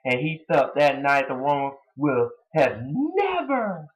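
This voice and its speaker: A man's voice: on the high side, huge pitch swings, slow pace, low-quality recording. A young man giving a casual, blunt, opinionated review of a wrestling show, rambling with many fillers.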